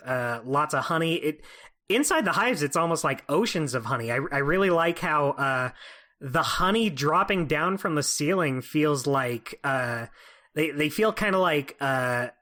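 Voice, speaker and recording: A man chatting as a guest on a podcast, casual and quick to laugh and joke. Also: fairly high pitch, sharp tone. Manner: laughs easily, joking.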